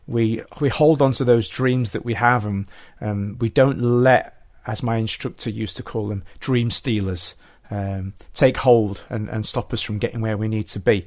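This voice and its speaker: A man's voice: on the low side, steady tone, normal speed, few pauses, darkish tone, no room sound, studio quality. A man hosting a podcast, upbeat and encouraging as he chats with his guest and wraps up the show. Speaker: podcast host. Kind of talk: casual chat.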